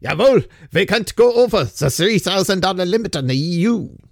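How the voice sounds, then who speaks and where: A man's voice: high voice, animated, moderate pace, dry recording, studio quality. A man putting on a clumsy mock German accent for a stiff, rule-following European man.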